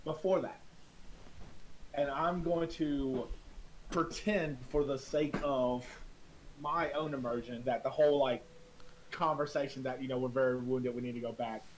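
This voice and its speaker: A man narrating a tabletop game as game master, talking in a relaxed, rambling way. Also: medium pitch, a little hiss or hum, low-quality recording. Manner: relaxed, rambling, halting restarts.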